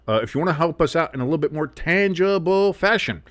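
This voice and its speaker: A man's voice: on the high side, fast talker, no echo. A man hosting a casual live sports talk show, rambling and swearing freely with lots of fillers. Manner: rambling, profane, animated.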